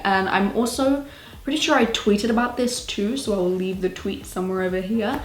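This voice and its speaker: A young woman with a British accent telling a storytime vlog in an animated, exasperated way. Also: mid-range voice, normal speed, echoey room. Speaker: vlogger.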